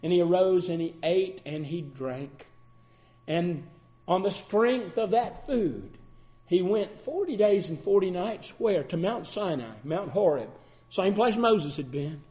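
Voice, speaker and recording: A man preaching a sermon, swinging between loud declarations and hushed passages. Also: high voice, lively intonation, measured pace.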